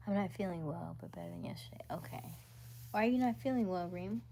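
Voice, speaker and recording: A livestream host chats casually with her viewers, reading their comments aloud, laughing often and sometimes dropping almost to a whisper. Her medium-pitched voice is mellow with some vocal fry, moving at a moderate pace over slight background noise.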